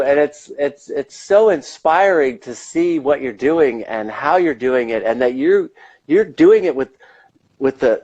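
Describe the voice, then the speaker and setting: Fairly high-pitched and a little mellow, an American man chats as an interview guest, rambling eagerly and swearing from time to time. The sound is lo-fi.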